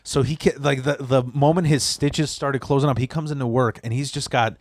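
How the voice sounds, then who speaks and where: A man from the Chicago area, a podcast guest, tells crude work stories in casual talk, cursing often and restarting his sentences as he rambles. His mid-range voice is brisk with fairly even intonation, and the sound is clean studio audio with no room sound.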